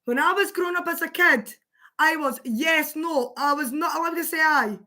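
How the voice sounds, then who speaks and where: A woman's voice: high voice, moderate pace, bright, forceful tone. A woman hosting a livestream, chatting casually with her partner, swearing freely and laughing often. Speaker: livestream host.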